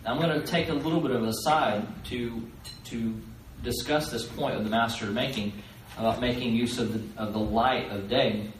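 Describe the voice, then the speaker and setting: A man teaching a live seminar, animated, acting out the voices of the people in his stories. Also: mid-range voice, normal speed, few pauses, a little hiss or hum. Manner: animated, acts out quoted voices. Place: fellowship hall, live. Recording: roomy live recording from far off.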